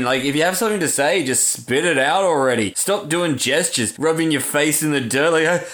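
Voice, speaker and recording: A man's voice: normal speed, few pauses. A man co-hosting a casual podcast chat, joking around and jumping into silly voices. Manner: animated, jokey, bursts into high silly voices. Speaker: podcast co-host.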